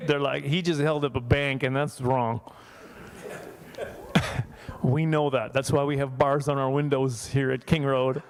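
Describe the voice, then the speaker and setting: A Canadian man with a slightly high voice does a stand-up comedy set for a small audience in a church hall. He's chatty and self-mocking, slipping into voices for characters.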